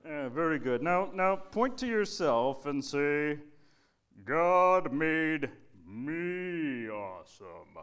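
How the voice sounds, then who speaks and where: A man voicing a cheerful male church puppet who preaches a children's sermon in a put-on Southern preacher accent, with a showy, drawn-out delivery. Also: on the high side, expressive, fairly bright tone. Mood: playful.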